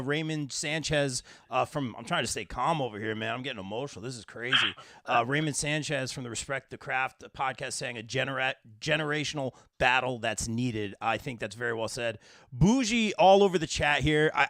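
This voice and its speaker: A man's voice: medium pitch, no echo, clean studio sound. A man hosting a live podcast interview, hyping his guests and reading out chat comments. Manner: excited, hypes guests, reads chat. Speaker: podcast host.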